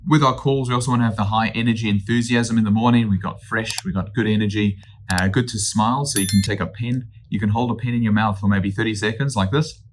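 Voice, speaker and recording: A man, a real estate agent teaching cold calling in an upbeat, energetic way that acts out phone calls. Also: lowish voice, fast talker, slight background noise. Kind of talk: instructional talk.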